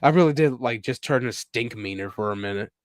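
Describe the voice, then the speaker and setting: A man co-hosting a podcast, telling crude jokes and stories in a loose, animated way, laughing often. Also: medium pitch, brisk, dry recording, studio quality. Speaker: podcast co-host. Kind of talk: casual chat.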